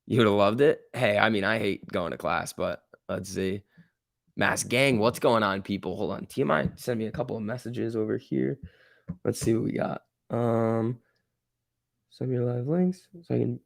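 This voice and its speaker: A man hosting a live stock trading stream, reacting excitedly to price moves and chatting casually with viewers. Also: fairly low pitch, moderate pace, vocal fry, dry recording, studio quality. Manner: excitable, exclaiming at price moves, reading chat aloud. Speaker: stock trading livestream host.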